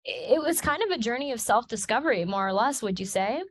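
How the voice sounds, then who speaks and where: A woman's voice: a little high, expressive, fast. A woman hosting an interview, asking questions in a hesitant, encouraging way with restarts. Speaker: interview host. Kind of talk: casual interview.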